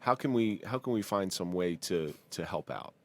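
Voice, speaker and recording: A man's voice: sits low, lively intonation, moderate pace. A man with a New Jersey accent hosting a podcast, asking questions and teasing his guest. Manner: joking, asks questions. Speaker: podcast host. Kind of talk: casual interview chat.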